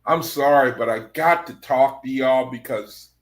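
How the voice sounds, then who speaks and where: A man's voice: mid-range voice, a little slow. A man hosting an online study group, talking casually and rambling, repeating himself and calling his viewers brethren. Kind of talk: casual livestream talk to viewers.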